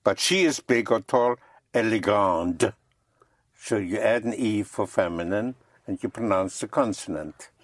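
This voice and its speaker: A French teacher giving a slow, patient one-on-one lesson and spelling words out letter by letter. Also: medium pitch, dry recording.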